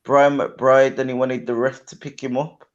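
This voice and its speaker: A man's voice: mid-range voice, flat delivery, muffled recording. A man co-hosting a casual fight watchalong, talking in an easygoing way and agreeing often. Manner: slow, easygoing, lots of agreeing murmurs. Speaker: watchalong co-host. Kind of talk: casual chat.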